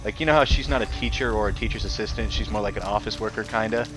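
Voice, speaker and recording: A man's voice: lowish voice, very fast, music in the background. A young man streaming a game, venting a heated, profane story full of fillers like "like" and "I'm like". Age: young adult. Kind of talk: casual venting while gaming. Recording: noisy live stream audio.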